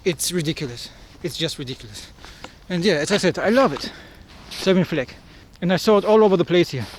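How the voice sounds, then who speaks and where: A man's voice: high-pitched, lively intonation, brisk, slight background noise. A young man from Germany chatting casually as a travel vlogger while walking around, joking and exclaiming at what he sees. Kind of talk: casual walking vlog narration. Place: outdoors in a city park. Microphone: action camera mic.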